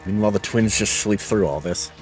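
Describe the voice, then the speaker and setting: Over soft background music, a man with a fairly low voice talks fairly quickly as a VTuber hosting a let's play. His casual gameplay commentary covers the story, with occasional swearing.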